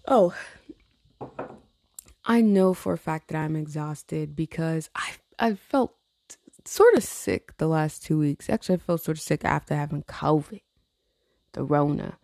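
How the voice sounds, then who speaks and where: Woman, casual venting, tired, gravelly voice, dry close sound. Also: low voice, dark tone, dry recording. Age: adult with a teenage niece. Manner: blunt, profane, rambling with laughs. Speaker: vlogger.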